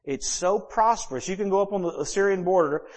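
A pastor preaches to his congregation, telling his stories in an animated way. His voice sits fairly high for a man, and it swings up and down in pitch and loudness. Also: fairly quick. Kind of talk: sermon.

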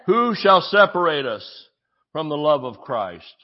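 Male pastor, slow deliberate delivery, fairly high voice, dull lo-fi sermon audio. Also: big pitch swings. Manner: preaching with scripture, jokes and sudden shouts.

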